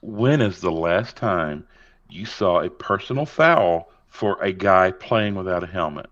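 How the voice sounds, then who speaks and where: A man co-hosting a sports podcast in casual chat, telling animated stories with chuckles. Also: low voice, a little slow. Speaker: podcast co-host. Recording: slightly dull, muffled sound.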